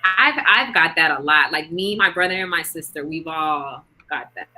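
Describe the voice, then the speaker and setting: A woman's voice: low-pitched, lively intonation, moderate pace, bright, forceful tone, faint music behind, rough recording. A woman raised in England, casually chatting as host and leaning on lots of filler words. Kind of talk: casual group chat.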